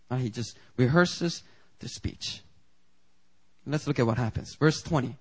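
A man's voice: medium pitch, a little slow, slightly rough. A man preaching a sermon in a casual, conversational way, acting out the quoted lines with big jumps in voice. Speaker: pastor.

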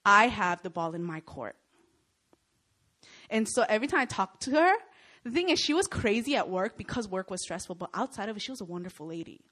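Speaking quickly at a medium pitch, a young woman preaches to students at a Christian gathering. Her storytelling is animated, and she often pauses to ask "Okay?" or "Right?" to make sure her audience is with her.

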